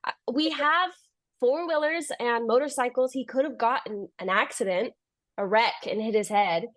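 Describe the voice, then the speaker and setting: A woman's voice: on the high side, normal speed. A young adult woman, a podcast guest, telling a long story in casual chat, laughing often and acting out what people said.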